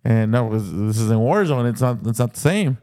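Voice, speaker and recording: A man co-hosting a podcast, telling an amused story in lively casual chat. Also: medium pitch, fairly quick. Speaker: podcast co-host.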